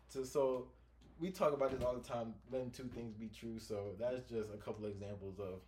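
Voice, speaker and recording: A young man preaching on a casual faith podcast with lots of feeling. His voice sits in a middle register. He drops low and quiet, then rises into loud, animated outbursts. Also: a little fast, a little hiss or hum. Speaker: podcast co-host. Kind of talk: passionate faith podcast talk.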